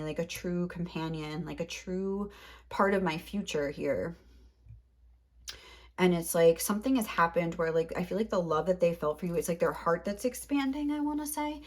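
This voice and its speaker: A young woman giving a casual tarot reading, rambling and filling her talk with "like", a little out of breath. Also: lowish voice. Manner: rambling, heavy use of "like". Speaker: tarot reader.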